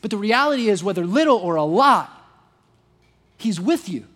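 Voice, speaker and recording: A young man with a high voice preaches in a loose, chatty way. He restarts his sentences often and slips into quoted voices to act out scenes. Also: big pitch swings, moderate pace, fairly bright tone. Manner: conversational, many "like" fillers and restarts, acts out quoted voices. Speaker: pastor. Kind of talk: sermon.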